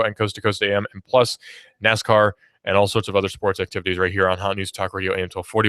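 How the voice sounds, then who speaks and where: A man's voice: fairly low pitch, a bit bright, dry recording, clean studio sound. A young man from Georgia hosting a radio talk show, chatting casually about the station lineup and reading news with self-deprecating asides. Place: radio studio. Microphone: studio microphone.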